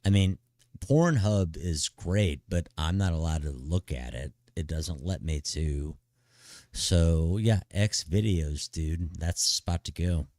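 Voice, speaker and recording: A man's voice: sits low, slow, a little mellow, no echo, clean studio sound. A middle-aged man streaming live, giving blunt, profane big-brother advice in a laid-back way and saying "dude" constantly. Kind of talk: casual live-stream chat.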